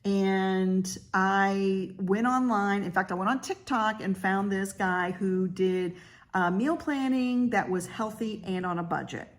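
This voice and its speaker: A woman's voice: mid-range voice, a little slow. A woman in her fifties talking candidly in a casual personal vlog, chatty with frequent fillers. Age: 50s. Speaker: vlogger; realtor.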